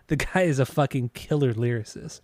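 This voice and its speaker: A man co-hosts a casual music podcast, laid-back and teasing, often stumbling and restarting. His voice sits in a middle pitch. The recording is close and dry. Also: a little fast, darkish tone, no room sound. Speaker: podcast co-host. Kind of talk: casual chat about music.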